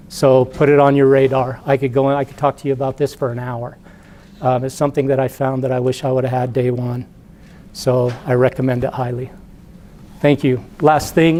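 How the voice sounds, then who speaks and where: A middle-aged man, an entrepreneur, giving a talk to students as an animated storyteller who acts out the voices. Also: medium pitch, a little hiss or hum. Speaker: entrepreneur guest speaker.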